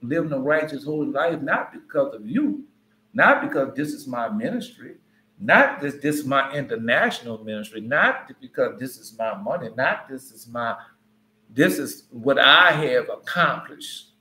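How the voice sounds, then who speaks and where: Bright-voiced man teaching the Bible. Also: mid-range voice, expressive, normal speed. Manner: conversational, rambling, with frequent asides. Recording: roomy echo.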